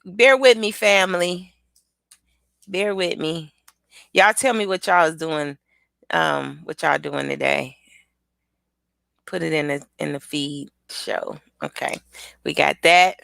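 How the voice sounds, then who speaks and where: A woman hosting a casual motivational live stream, chatty and lively, talking straight to her viewers. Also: fairly low pitch, gravelly, no echo.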